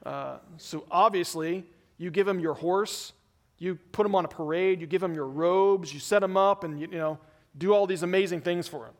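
A man's voice: high-pitched, normal speed. A male pastor preaching a sermon, retelling a story in a conversational way and acting out the characters' voices.

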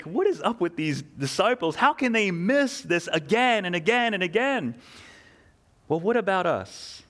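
A man's voice: on the high side, fairly bright tone. A man preaching a sermon, earnest and emphatic, asking rhetorical questions and repeating key phrases. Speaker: pastor.

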